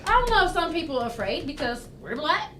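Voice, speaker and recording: A woman's voice: high-pitched, big pitch swings, fast, crowd noise. A woman hosting a podcast, chatting casually in a blunt, teasing way. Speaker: podcast host. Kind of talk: casual chat.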